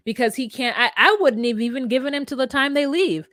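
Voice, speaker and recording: A woman's voice: fairly high pitch, a little fast, hardly any pauses. A woman co-hosting a podcast over a video call, recapping a reality show in blunt, bawdy casual chat. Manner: blunt, bawdy, animated retelling. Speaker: podcast co-host.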